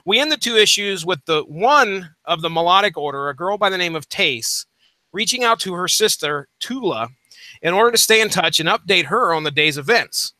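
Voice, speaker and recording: A podcast host with a bright, forceful tone and a high voice that swings all over. He recaps the plot and then quizzes his co-hosts with animated questions. The sound is close and dry. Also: normal speed, no echo. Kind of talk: casual podcast discussion.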